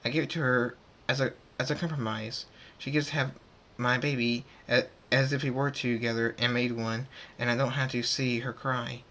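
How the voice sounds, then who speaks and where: A man as a gentle, soft-hearted stallion. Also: medium pitch, level tone, moderate pace, slight background noise, close to an everyday voice. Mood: tender.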